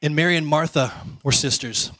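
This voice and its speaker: Male pastor, relaxed chatty sermon, quizzes the room, dry close sound. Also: a little high, brisk, no room sound. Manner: conversational, quizzes the congregation, drops to soft quiet lines.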